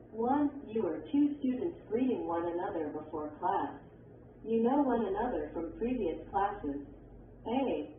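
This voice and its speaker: A woman reading an English textbook lesson aloud, slow and clear, voicing the sample dialogues herself. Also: mid-range voice, slight background noise. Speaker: textbook audio reader. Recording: tinny lo-fi audio in an echoey room from a distance.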